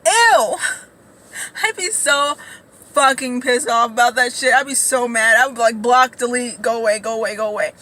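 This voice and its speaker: A woman ranting casually as a commentator, blunt, profane and animated. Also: on the high side, brisk, poor audio. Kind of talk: casual reaction rant.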